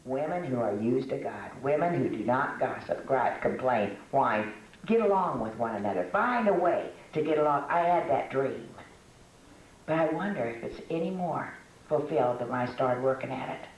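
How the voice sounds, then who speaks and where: A woman's voice: extremely low pitch, lively intonation, moderate pace, slight background noise. An older woman giving a folksy, self-mocking talk to a women's meeting, with frequent laughs and fillers. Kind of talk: conversational talk to a women's audience. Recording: echoey room.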